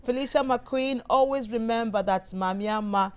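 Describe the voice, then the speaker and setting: A woman's voice: a little high, moderate pace, a loud crowd. A woman with a Ghanaian English accent hosting a live TV talk show, chatty and bubbly as she reads out viewer comments. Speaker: TV show host.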